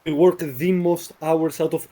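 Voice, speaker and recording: A man from Greece arguing on a casual group podcast. His voice sits a little high for a man, and he rattles off figures to back up his point. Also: steady tone, measured pace, warm tone. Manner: argumentative, cites figures. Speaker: podcast co-host.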